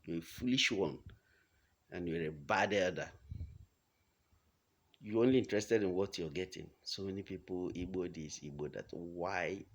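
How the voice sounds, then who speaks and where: Deep-voiced Nigerian man ranting hotly. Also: moderate pace, pauses often. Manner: heated, rhetorical questions, blunt. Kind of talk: impassioned monologue. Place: home in the United States.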